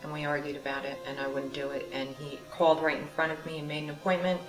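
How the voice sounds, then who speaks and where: Woman, low voice, birth mother, subdued recounting, echoey room, music bed. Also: little pitch movement, fast talker. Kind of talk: documentary interview.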